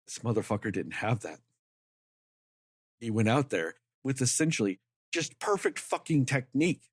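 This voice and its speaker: Husky man ranting heatedly. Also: medium pitch, sing-song, moderate pace, no room sound, clean studio sound. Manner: heated, profane, emphatic ranting. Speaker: podcast co-host. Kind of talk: casual podcast chat.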